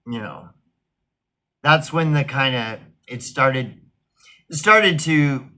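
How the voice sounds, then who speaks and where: A man's voice: medium pitch, sharp tone. A man telling a casual, rambling story, swearing often and packing his talk with fillers. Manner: rambling, profane, full of fillers.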